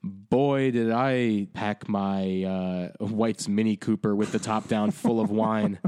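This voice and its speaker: A man's voice: fairly low pitch, animated, slow pace, creaky, a little mellow, clear, resonant tone. A man co-hosting a podcast, chatting casually with rambling, joking banter. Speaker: podcast co-host. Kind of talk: casual chat.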